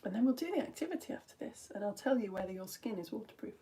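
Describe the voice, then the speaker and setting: A young British woman teaching a live online lesson from home, chatty and quick to laugh, with many restarts. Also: mid-range voice, lively intonation, mellow, breathy edge. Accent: British English.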